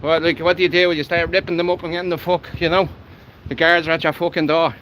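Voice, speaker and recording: A man's voice: on the high side, little pitch movement, quick pace, fairly bright tone, a little hiss or hum, rough recording. An Irish man livestreaming while walking his dog by a canal, talking bluntly and heatedly with lots of swearing. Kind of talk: live walking vlog.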